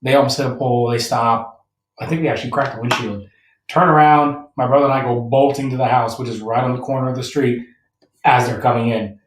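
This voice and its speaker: A man's voice: mid-range voice, fairly even intonation, fairly quick, reverberant, distant mic, low-quality recording. A man in a casual podcast chat who tells a story and jokes around. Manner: joking, acts out the story with loud quoted voices. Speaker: podcast guest.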